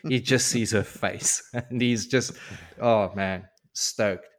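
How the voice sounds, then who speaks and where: Low-voiced man retelling a story. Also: takes it slowly. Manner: animated storyteller, slangy. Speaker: podcast co-host. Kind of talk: casual book recap.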